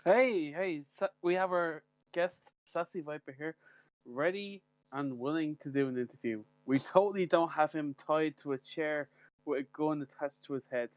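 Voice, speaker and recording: A man's voice: a little high, normal speed, no room sound. A man co-hosting a casual podcast chat, joking, teasing and swearing. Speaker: podcast co-host.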